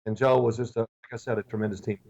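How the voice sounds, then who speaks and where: A man's voice: on the low side, quick pace, creaky, lo-fi sound. A man in his sixties, a former quarterback, telling stories in an interview and acting out his old coach's lines. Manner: animated anecdotes, acts out quoted coach in raised voice. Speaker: former football quarterback, guest. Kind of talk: storytelling interview answers. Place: remote video call.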